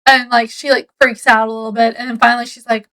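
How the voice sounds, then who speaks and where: A woman casually retelling a mystery novel's plot in a book review, rambling and full of fillers, often trailing off quietly. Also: fairly high pitch, flat delivery, fast, rough recording. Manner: rambling, retells scenes with quoted voices; lots of fillers, trailing off softly.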